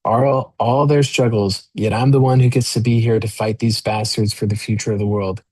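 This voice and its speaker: A man voicing a weary, maimed male prisoner in a read-aloud novel, speaking in a calm, insistent way. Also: lowish voice, moderate pace, slightly rough, no room sound. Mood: resolute.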